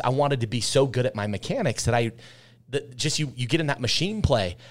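Guy in his 30s guesting on a podcast, intense and emphatic, keeps repeating lines for punch, middle pitch. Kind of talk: candid conversational storytelling.

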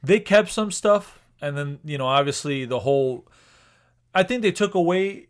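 A man's voice: a little high, lively intonation, normal speed, clear, resonant tone. A man co-hosting a podcast in casual chat, rambling with restarts and swearing. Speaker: podcast co-host.

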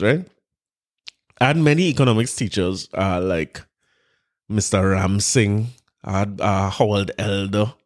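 A man with a Trinidadian accent giving casual political commentary, mocking, laughing often and repeating words as he talks. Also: fairly low pitch.

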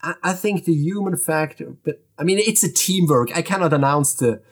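Husky man chatting with frequent laughs. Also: a little high. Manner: laughs often, halting restarts. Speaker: conference organizer, guest. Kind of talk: casual podcast chat.

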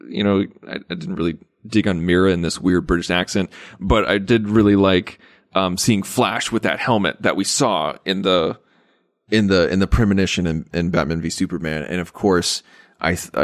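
A man co-hosting a podcast in casual chat, talking haltingly with many restarts. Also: low voice, dry recording, clean studio sound. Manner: hesitant, many restarts and stammers. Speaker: podcast co-host.

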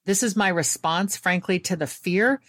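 A woman's voice: fairly low pitch, fairly bright tone, dry recording, studio quality. A woman guest and author telling candid personal stories in an earnest, reflective way. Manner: earnest, candid, quick bursts.

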